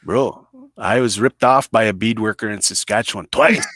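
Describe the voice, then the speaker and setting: A man's voice: fairly low pitch, normal speed, a bit bright, no room sound. A man on a podcast, telling crude comic stories in a blunt, boisterous, self-mocking way and swearing often. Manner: boisterous, swears a lot, acts out voices in stories. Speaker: podcast guest.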